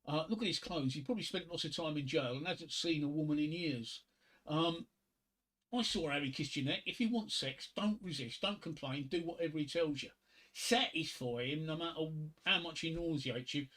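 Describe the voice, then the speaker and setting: Rambling, halting man. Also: on the high side, fairly bright tone. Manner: rambling, halting with many fillers and restarts. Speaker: livestream host. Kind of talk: casual joke telling and poetry reading.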